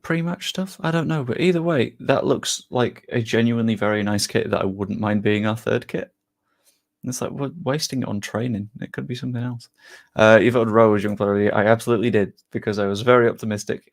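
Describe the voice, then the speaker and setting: Young guy rambling on his football stream, lowish voice, bit gravelly, reads chat and takes the mick out of himself. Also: steady tone, brisk. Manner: chatty, self-deprecating, reads chat aloud. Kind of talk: casual live-stream chat.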